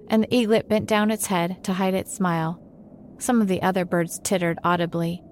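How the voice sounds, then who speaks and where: A woman's voice: on the low side, steady tone, normal speed, slight background noise. Woman reading a classic storybook aloud. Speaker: narrator.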